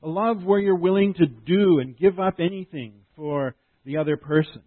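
Man preaching, earnest and explaining, kinda high voice, tinny phone-line sound. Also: normal speed, no room sound. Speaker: pastor. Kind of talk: sermon.

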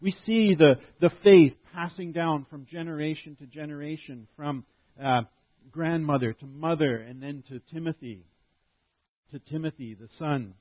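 A male pastor preaches an earnest, explanatory sermon at normal speed, often restarting his sentences, his voice a little high for a man. The audio is narrow and tinny like a phone line, completely dry with no echo or room sound.

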